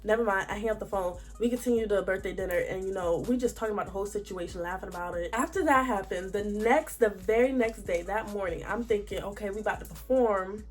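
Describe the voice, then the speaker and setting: A young woman telling a storytime vlog in a chatty, slangy, expressive way. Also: mid-range voice, fast talker, hardly any pauses, soft background music. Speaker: vlogger.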